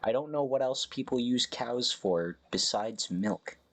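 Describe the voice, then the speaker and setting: A man's voice: medium pitch, expressive, unhurried, fairly bright tone. A man streaming a survival game, chatting casually and correcting himself as he rambles. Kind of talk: casual live game commentary.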